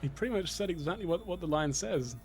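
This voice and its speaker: A young man with a high, bouncing voice streams a game, caught in a giddy, stammering ramble and repeating himself. His voice leaps up and down constantly. Faint game music plays underneath. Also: lively intonation, fast talker, darkish tone. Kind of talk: live gameplay commentary.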